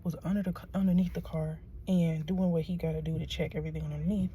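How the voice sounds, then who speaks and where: A woman tells a rambling story to her viewers, swinging from a hushed whisper to loud, excited disbelief. Her voice sits fairly low for a woman. Faint background noise runs under her talk inside a car. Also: quick pace. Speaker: vlogger. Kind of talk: casual storytelling to camera. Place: in a car at a shop, then parked.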